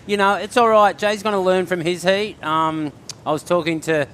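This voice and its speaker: A man's voice: sits high, fairly even intonation, moderate pace, fairly bright tone, a little hiss or hum. Chatty Australian man telling a story. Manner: chatty storyteller, laughs often. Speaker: surf commentator. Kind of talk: live sports commentary banter.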